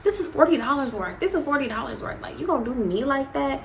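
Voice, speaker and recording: A woman's voice: animated, fast. A woman voicing a young female friend who wheedles and pleads while haggling. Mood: pleading. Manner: pleading, whiny, high-pitched.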